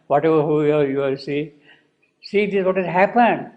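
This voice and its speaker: A man's voice: a little high, fairly quick, narrow, tinny audio. A man teaching a poem, reciting its lines again and again and explaining them word by word. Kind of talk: slow lecture with poetry recitation.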